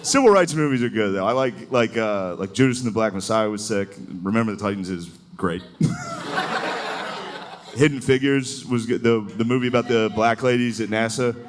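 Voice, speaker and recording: Rambling stand-up comic, lively pitch. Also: male voice. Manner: loose, rambling delivery full of "like" and quick impressions. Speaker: stand-up comedian. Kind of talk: live stand-up set. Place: comedy club stage with laughing audience. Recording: live room with audible audience noise.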